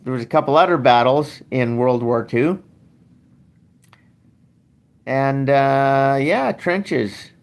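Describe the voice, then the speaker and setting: Brief: older man, host, blunt profane rant, unhurried delivery. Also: medium pitch. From Canada. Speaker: podcast host. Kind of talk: casual ranting talk.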